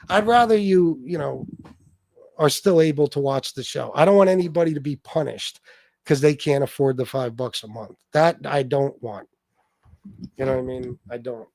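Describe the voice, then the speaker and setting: A man's voice: a little high, vocal fry, darkish tone, no room sound. A man hosting a casual livestream chat, talking bluntly and swearing freely while reading out viewer names. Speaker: livestream host.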